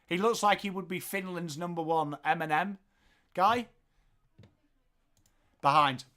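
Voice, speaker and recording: An English man hosting a live football watchalong, calling the play and joking with chat viewers in an excitable, playful way. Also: high-pitched, measured pace. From England. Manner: excitable, jokey, bursts into loud calls of the play. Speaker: watchalong host.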